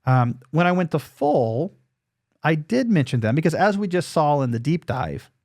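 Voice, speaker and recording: A man's voice: a little high, big pitch swings, normal speed, darkish tone, no room sound, clean studio sound. A man in his forties hosting a podcast, explaining his advice in a casual, thinking-aloud way. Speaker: podcast host.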